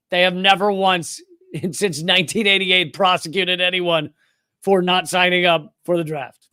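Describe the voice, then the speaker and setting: A man's voice: high voice, normal speed, sharp tone, clean tone, no echo, clean studio sound. A man from Richmond, Virginia with a slight Virginia twang, hosting a casual livestream, loose and conversational with blunt profanity. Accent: Southern American, Virginia. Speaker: show host.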